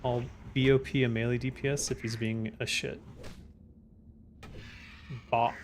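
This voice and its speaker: A man streaming a game live, chatting casually and answering his chat in a relaxed way. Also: medium pitch, unhurried, a little hiss or hum.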